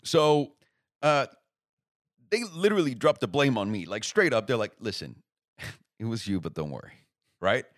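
A young man telling a story in casual chat, lively and swearing freely, acting out the other people's lines. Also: mid-range voice, moderate pace, long pauses, no room sound, clean studio sound. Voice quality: animated storyteller, swears freely, acts out quoted voices.

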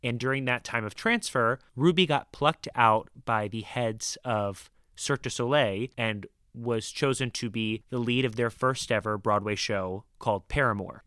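Male host, bright tone, playful teasing delivery, dry sound. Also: mid-range voice, no room sound. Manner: teasing, laughs easily. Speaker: podcast host. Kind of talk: casual chat and scripted intro.

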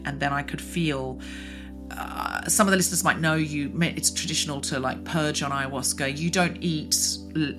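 A woman podcast host telling a personal story in earnest, halting chat. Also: deep voice. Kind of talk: casual chat.

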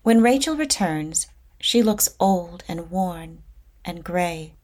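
A woman reading stage directions in a plain, measured narration. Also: fairly low pitch, animated, a little mellow.

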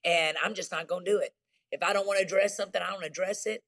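A woman's voice: fairly low pitch, steady tone, fast talker, fairly bright tone. A woman with a Southern US accent, a pastor speaking candidly as an interview guest, with an emphatic, folksy preacher's delivery.

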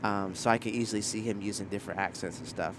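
A man's voice: lowish voice, steady tone, fast, fairly bright tone. Young male podcast host, playful and slangy, recorded in a moving car with faint road noise. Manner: playful, joking, lots of laughter and slang. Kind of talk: casual chat.

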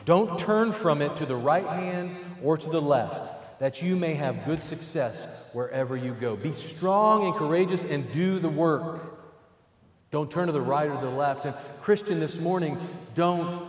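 A man's voice: a little high, measured pace. A man preaching a sermon as pastor, conversational and emphatic, with casual asides to the congregation. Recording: roomy hall with long reverb.

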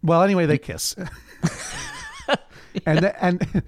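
A man's voice: on the high side, a little slow, long pauses, dry recording. A man co-hosting a podcast, recapping a TV episode in casual chat and acting out quotes in joking voices. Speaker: podcast co-host.

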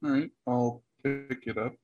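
A man's voice: medium pitch, steady tone, a little slow, a little mellow, lo-fi sound, soft background music. A young man playing a tabletop game, dry and wisecracking. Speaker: player. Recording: noisy home recording.

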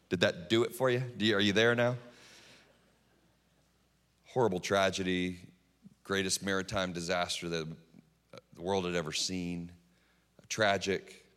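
A man preaching a sermon, telling stories, sometimes dropping to a hush and then rising to strong emphasis. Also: fairly low pitch. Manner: storytelling, swings between hushed and emphatic. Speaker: pastor. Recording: long hall reverb.

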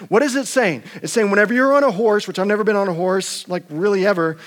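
A pastor preaching a conversational sermon, asking rhetorical questions and often repeating words. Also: male voice, high voice, fast.

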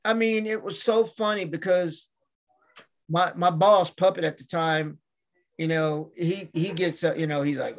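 A man's voice: fairly high pitch, fairly even intonation, measured pace. A man in casual chat, telling rambling stories and acting out what people said. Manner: rambling storyteller, acts out quotes. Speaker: podcast guest.

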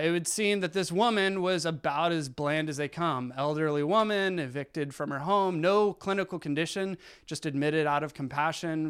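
A man telling a story to an audience in a lively way, acting out the dialogue with shifting voices. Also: fairly high pitch. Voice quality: smooth, clear voice. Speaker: guest speaker. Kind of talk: storytelling talk.

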